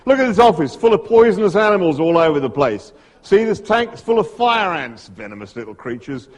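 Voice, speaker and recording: Brief: a man doing a brusque older Australian venom expert, grumbling and fussy, pitched up high, long hall echo. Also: sing-song, fairly quick. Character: grumpy bored older male Australian snake-venom expert.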